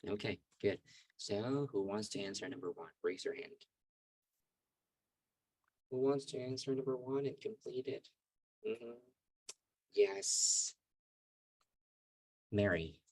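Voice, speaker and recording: A man teaching an online English lesson on a video call, calling on students and patiently repeating words slowly to drill pronunciation. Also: fairly low pitch, a little mellow, no room sound, low-quality recording.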